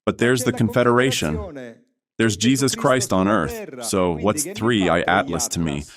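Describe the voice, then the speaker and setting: A man's voice: fairly low pitch, lively intonation, measured pace, a crowd in the background. A man with an Italian accent giving an impassioned, indignant lecture at a conference, ranting and swearing at times. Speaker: conference speaker. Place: theatre with audience.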